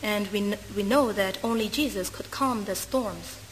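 In a church hall, a woman interprets a sermon hesitantly, using many "uh" fillers and correcting herself. Her voice is medium-pitched and a little slow, heard in a reverberant hall with faint ambience and slight background noise.

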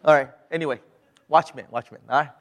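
A man preaching a sermon in animated style, acting out quoted voices and speaking with non-native grammar. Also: fairly high pitch, fast, long reverb tail.

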